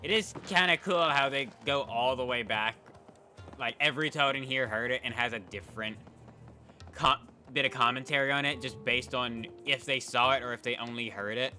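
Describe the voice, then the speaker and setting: A man's voice: medium pitch, normal speed, faint music behind. A young man giving casual, joking commentary while playing a game. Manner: wry, joking and animated. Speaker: let's play commentator.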